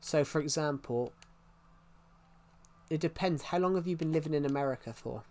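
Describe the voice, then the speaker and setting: A man's voice: fairly high pitch, normal speed, darkish tone. A man streaming a game and chatting casually with his viewers, answering their questions. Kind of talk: casual livestream chat.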